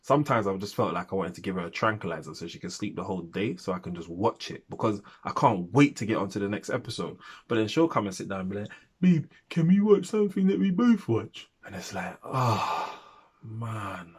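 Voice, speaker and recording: A man in his thirties talks through a casual video review in a low, slightly husky voice. He rambles and repeats his points for emphasis, in a chatty tone. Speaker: film reviewer.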